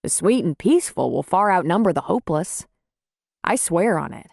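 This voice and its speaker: A woman voicing a calm, plain-spoken man who runs a small-town bar, in an audiobook. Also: lowish voice, moderate pace, gravelly, slightly rough, dry recording, clean studio sound, full character voice. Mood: steady. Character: Jack, male small-town bar owner, calm and steady.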